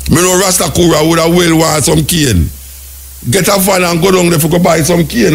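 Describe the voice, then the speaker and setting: Husky Jamaican man radio host. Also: a little high, steady tone, normal speed. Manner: lecturing, exasperated, sing-song. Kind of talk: phone-in radio talk.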